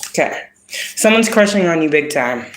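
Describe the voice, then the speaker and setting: A woman's voice: sits low, lively intonation, moderate pace, slight background noise. A woman giving a casual spiritual card reading, talking bluntly with heavy profanity and streetwise slang. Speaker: spiritual reader. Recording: roomy echo.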